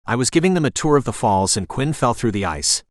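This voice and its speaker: A man's voice: mid-range voice, big pitch swings, fairly quick, dry recording, studio quality, lightly acted. A man voicing a young local guide who explains things plainly.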